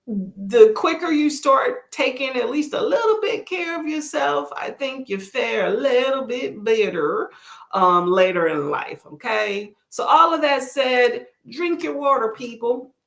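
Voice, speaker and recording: A woman's voice: sits high, lively intonation, measured pace, vocal fry, fairly bright tone, reverberant. A woman from Texas with a Texan accent, hosting a casual livestream, chatting folksily and reading out viewers' messages. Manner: chatty, folksy, says y'all, reads chat aloud. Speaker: livestream host. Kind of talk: casual chat with live chat readers.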